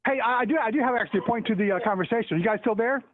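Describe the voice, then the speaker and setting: A talk-show caller with a very high voice races through a casual, rambling chat, full of jokes and stumbling restarts. He comes through a tinny, dry phone line.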